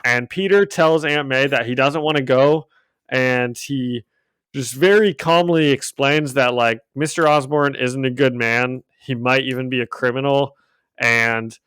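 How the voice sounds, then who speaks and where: A man's voice: medium pitch, a bit bright, clean tone, no room sound. A man co-hosting a podcast, recapping a comic in casual chat, laughing often and rambling with fillers, on a home microphone. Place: home room.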